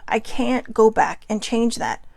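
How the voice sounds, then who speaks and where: A woman's voice: a little high, lively intonation, a little slow, creaky, a little mellow, dry recording. A middle-aged woman hosting a personal reflection show, talking in an earnest, musing way that keeps asking herself questions, her voice a little shaky from incense smoke. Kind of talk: casual reflective monologue.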